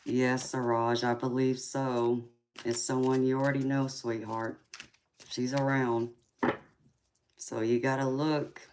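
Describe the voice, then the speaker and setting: A woman in her forties with a Southern Georgia drawl, reading tarot on a live chat. She talks to viewers in an affectionate way, calls them sweetheart and pauses on ums. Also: extremely low pitch, little pitch movement, a little mellow, slight background noise. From California. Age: 40s.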